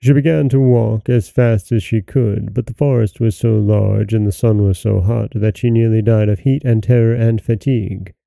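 A man narrating a fairy tale in a steady, measured storytelling manner. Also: lowish voice, vocal fry, no room sound.

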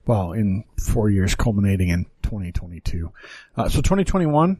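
A man's voice: on the low side, very animated, moderate pace, mellow, dry recording. A man co-hosting a casual podcast, blunt and rambling, swearing now and then. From Utah. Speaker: podcast co-host. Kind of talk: casual chat.

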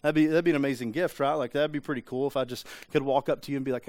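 A man's voice: mid-range voice, fairly even intonation, very fast, a little mellow, no echo. A man preaching a sermon in a church, talking in a loose conversational way with frequent restarts and rhetorical questions. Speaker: pastor. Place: church sanctuary.

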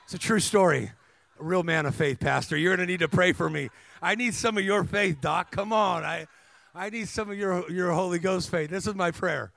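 A man preaching a sermon as a guest speaker, telling stories energetically with humor, asides to the crowd and emphatic shouts. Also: sits high, normal speed, gravelly. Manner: energetic storytelling with humor and call-and-response asides; emphatic, rising to shouts at climaxes.

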